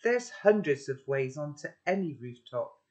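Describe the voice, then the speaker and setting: A man's voice: on the high side, sing-song, unhurried, a little mellow. Man playing a cocky rooftop boy, blunt, teasing, slightly raised voice. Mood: offhand.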